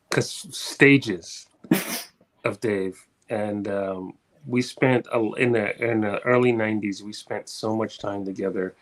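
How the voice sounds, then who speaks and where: A man with a fairly low voice reminisces over a video call. He talks in a reflective way, stopping often with ums and uhs while he gathers his thoughts. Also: poor audio. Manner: reflective, pausing with frequent ums. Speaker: musician friend sharing memories. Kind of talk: spoken memorial tribute.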